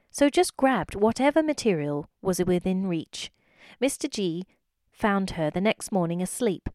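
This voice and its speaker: A woman narrating a children's storybook aloud in an expressive way. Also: medium pitch, dry recording. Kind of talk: storybook reading.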